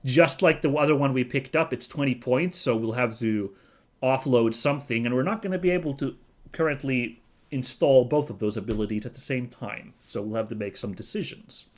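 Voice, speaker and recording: A man's voice: medium pitch, fairly quick. A man hosting a casual let's-play video, chatty and thinking aloud with frequent fillers and self-corrections. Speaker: gaming video host.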